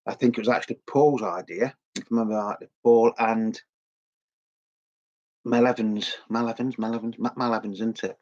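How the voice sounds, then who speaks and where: A man's voice: lowish voice, steady tone, moderate pace, a little mellow, lo-fi sound. A middle-aged man, giving a rambling, enthusiastic casual review full of fillers and restarts. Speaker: video blogger.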